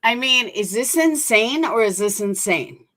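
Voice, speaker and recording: A woman's voice: fairly high pitch, animated, a little slow, pushed and bright. A woman hosting a commentary channel, talking bluntly and indignantly and swearing freely. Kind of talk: opinionated commentary.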